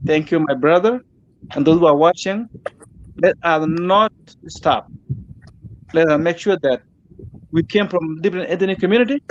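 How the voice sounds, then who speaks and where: A man's voice: fairly high pitch, normal speed, long pauses, highs cut off, a little hiss or hum. A man, a guest in an online interview, making a grieving, impassioned plea that circles back on its words. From South Sudan.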